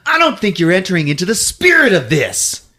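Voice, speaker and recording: A man's voice: sits high, huge pitch swings, sharp tone, pitched above the performer's own voice, full character voice. A man doing a smarmy young monster. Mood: menacing. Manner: slow, mock-tender menace. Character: creepy young male monster, smarmy and menacing.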